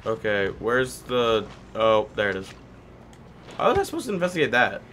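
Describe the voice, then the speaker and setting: A man's voice: lowish voice, huge pitch swings, normal speed, fairly bright tone, a little hiss or hum. A man casually commenting on his own gameplay as a video host, rambling and talking to himself, with a cracky voice that breaks now and then. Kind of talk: casual let's-play commentary.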